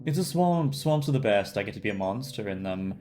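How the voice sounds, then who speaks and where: A man's voice: fairly low pitch, animated, brisk, music in the background, natural voice. A man voicing a cheerful, simple-minded swamp monster who guards a castle and is eager to please.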